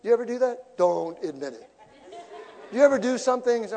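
A male pastor with a notably high voice preaches in church, lively and playful, throwing in jokes and asides to the congregation. His voice rings out with a long reverb tail from the sanctuary. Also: quick pace, some chatter behind. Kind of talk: sermon.

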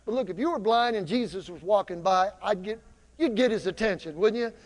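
A male pastor preaching a lively sermon in a church, drawing the congregation into call-and-response. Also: high-pitched, fairly quick, in a large hall. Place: church sanctuary.

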